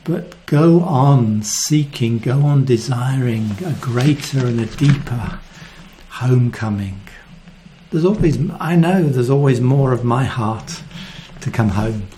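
A man preaching a sermon, earnest and reflective, often dropping to a soft voice. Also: medium pitch, animated, takes it slowly, slight background noise.

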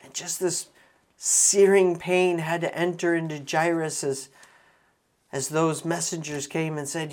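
Slow, earnest preacher. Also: medium pitch, level tone. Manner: earnest, with frequent restarts and swells in emphasis. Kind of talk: sermon.

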